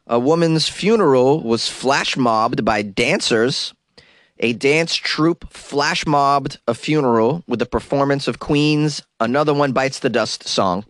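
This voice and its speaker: A man's voice: medium pitch, slow, a bit bright, dry recording, clean studio sound. A man with a cold reading news items aloud and mocking them in wry comic commentary. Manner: wry, mocking asides between read-outs. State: has a cold. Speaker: host.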